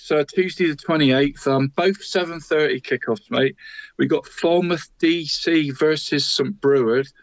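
A man talks through local football results in an easy, chatty podcast manner. His voice sits in a middle pitch, and he peppers his lines with "mate" and little chuckles. The sound is dry and close, with no room behind it. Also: no room sound, rough recording. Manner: chatty, tags nearly every line with 'mate', chuckles at his own jokes. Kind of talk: casual sports chat.

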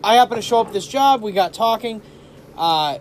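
A man's voice: high-pitched, animated, brisk. A man co-hosting a podcast, chatting casually with a rambling, swearing manner and many fillers. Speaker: podcast co-host. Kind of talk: casual chat.

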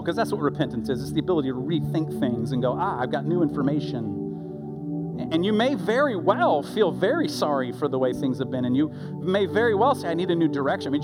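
Animated male pastor preaching over music. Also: on the high side. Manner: animated, conversational preaching with restarts and acted asides. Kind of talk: sermon. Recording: loud music under the voice.

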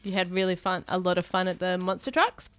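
A woman's voice: lowish voice, fairly quick, a bit bright. A woman hosting a podcast in which she chats with a young child and reads a picture book aloud in a playful, coaxing way. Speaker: podcast host reading children's books. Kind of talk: casual chat and picture-book read-aloud.

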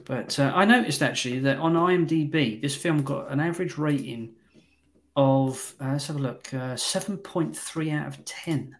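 A man's voice: a little high, normal speed. A man hosting a casual film review podcast, talking in a blunt, wry way and swearing freely. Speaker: podcast host.

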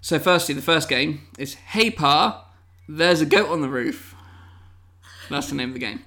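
A man's voice: fairly high pitch, unhurried, sharp tone. A man co-hosting a casual chat, playfully reading out game descriptions and laughing often. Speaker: podcast co-host presenting a guessing game.

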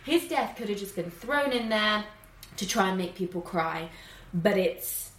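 A woman co-hosting a casual podcast, retelling a film plot quickly and animatedly with lots of fillers. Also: mid-range voice, roomy sound, a little hiss or hum. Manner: animated, fast storytelling with many fillers.

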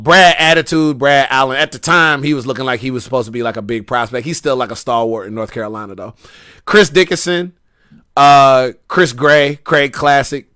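Bright, animated male storyteller. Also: medium pitch, clear, resonant tone. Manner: animated, slangy, repeats himself. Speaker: podcast guest wrestler. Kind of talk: casual podcast storytelling.

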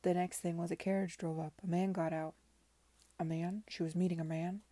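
A woman reading a novel aloud in a soft, near-whispered way. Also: lowish voice, flat delivery, brisk, no echo. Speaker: reader.

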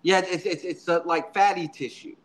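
A man speaking as a church subdeacon in a relaxed interview, sitting a little above the usual male range. He talks earnestly and haltingly, doubling and tripling his words as he finds his way through each thought. The tone is plain, personal storytelling. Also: high-pitched, slight background noise, low-quality recording.

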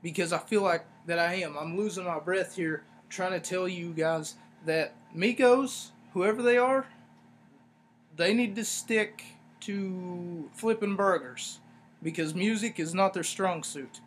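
A man's voice: high voice, unhurried, a little hiss or hum. A man hosting a solo podcast, ranting and rambling sarcastically with lots of fillers. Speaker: podcast host. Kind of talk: casual solo podcast review.

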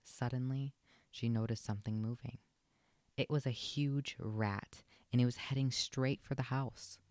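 A man narrating a children's storybook aloud in an expressive, lilting read. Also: medium pitch, measured pace, no echo.

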